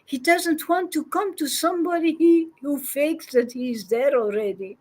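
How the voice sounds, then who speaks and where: A woman's voice: high voice, normal speed. A woman giving an informal devotional talk as a spiritual teacher, reflective and often laughing.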